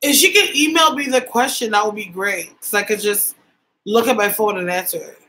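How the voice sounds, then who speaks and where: A woman's voice: mid-range voice, moderate pace, sharp tone, slight background noise, poor audio. A young woman from Canada chatting casually with viewers on a livestream as a psychic medium host, reading their comments aloud.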